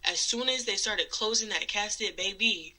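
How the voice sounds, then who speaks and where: Bright-voiced woman chatting casually. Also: mid-range voice, moderate pace, rough recording. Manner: candid, rambling with many fillers. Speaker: podcast co-host. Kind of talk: casual chat.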